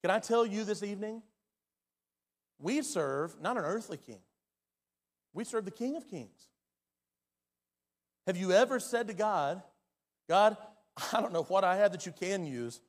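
A man preaching a sermon as pastor, his delivery swinging from loud and urgent to hushed and quiet. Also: high-pitched, lively intonation, normal speed, long pauses. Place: church sanctuary. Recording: long hall reverb.

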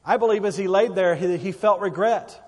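Preaching a sermon in church, a pastor speaks at a normal pace in a somewhat high, darkish, slightly rough voice, with long reverb from the hall. He is emphatic and repeats words to press his point.

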